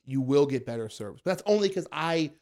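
Animated storytelling man, higher voice. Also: fast talker. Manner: animated storyteller, acts out quotes in a high voice. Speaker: guest, food content creator. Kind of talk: casual podcast chat.

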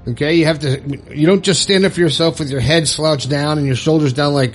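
A man's voice: fairly high pitch, fairly quick, faint music behind. A man giving earnest motivational advice, coaching listeners step by step and checking in with them often. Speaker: self-help video host.

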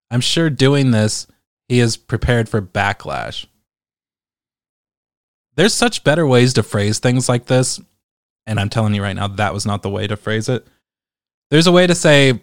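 A man's voice: medium pitch, no room sound. Male commentator, casual rant, profane and exasperated, dry studio sound. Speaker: commentator reading online comments.

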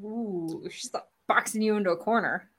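Female co-host, a bit raspy, short reactive interjections in casual chat. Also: mid-range voice, moderate pace, fairly bright tone. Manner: brief reactions and backchannel. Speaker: podcast co-host.

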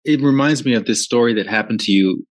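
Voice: medium pitch, fast talker, soft background music. A host who asks for a story and gives encouraging replies in an interview conversation.

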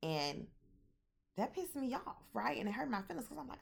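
A woman's voice: fairly high pitch, moderate pace, gravelly, husky. A young woman with a mixed Southern and Midwestern American accent, telling a personal story candidly and animatedly to her viewers, often swearing. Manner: candid, animated, profane, addresses viewers directly. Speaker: vlogger.

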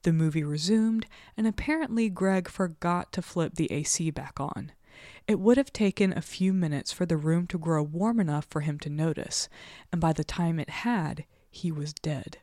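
Low-voiced woman podcast co-host. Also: normal speed, dark tone, no echo, studio quality. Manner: chatty, frank, swears casually. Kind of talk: casual chat and reading aloud.

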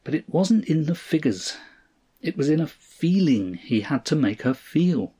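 Husky man reading a story aloud. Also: on the high side, big pitch swings, mellow. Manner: measured, dramatic storytelling. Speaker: narrator.

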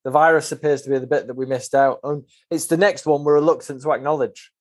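A man's voice: on the high side, steady tone, fast. Podcast host man wrapping up a chat. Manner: friendly, brief, wrapping up the chat. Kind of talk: casual podcast conversation.

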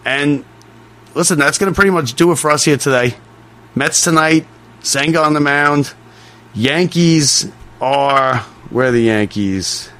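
A man hosting a sports talk show, chatting loosely and piling up quick affirmations. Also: fairly high pitch, fairly bright tone.

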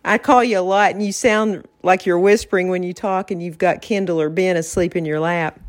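A woman's voice: fairly low pitch, steady tone, a little fast. Woman hosting a podcast, easygoing, kind of reflective. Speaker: podcast host. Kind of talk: casual podcast talk.

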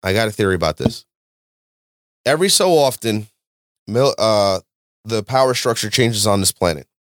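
A man hosting a podcast, ranting and lecturing in a loud, profane, animated way. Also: lowish voice, normal speed, no room sound, clean studio sound. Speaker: podcast host. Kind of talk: casual podcast chat.

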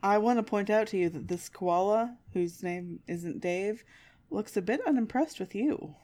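A woman's voice: medium pitch, moderate pace, dark tone. A woman co-hosting a podcast in loose, casual chat. She is sarcastic and cheerfully profane, and she laughs at her own jokes. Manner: sarcastic, swears, laughs often. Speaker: podcast co-host.

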